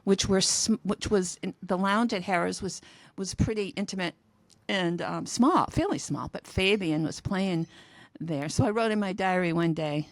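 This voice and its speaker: A woman's voice: on the low side, normal speed, hardly any pauses, no room sound. Older woman telling rambling stories. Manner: rambling, storytelling with hesitations. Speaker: podcast co-host, mother. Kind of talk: casual chat.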